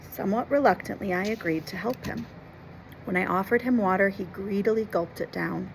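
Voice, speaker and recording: A woman reading a classic adventure novel aloud, expressively, pausing to explain words and events for children. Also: medium pitch, vocal fry, a little hiss or hum, poor audio. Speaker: storyteller and teacher.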